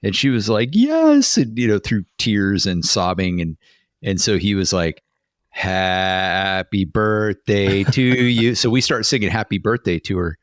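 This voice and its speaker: A man's voice: fairly low pitch, moderate pace, no room sound, clean studio sound. A man co-hosting a podcast, a former police officer telling stories in a chatty way with many fillers and restarts. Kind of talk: casual podcast chat.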